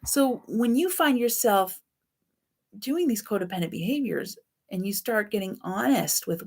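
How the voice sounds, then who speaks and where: A woman's voice: medium pitch, measured pace. Chatty woman teaching a self-help class. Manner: loose, chatty, self-correcting with fillers. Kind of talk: spoken self-help lesson.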